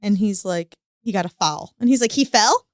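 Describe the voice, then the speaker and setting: A woman guest on a casual podcast, telling quick anecdotes about her child. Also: mid-range voice, mellow, dry recording, studio quality. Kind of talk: casual chat.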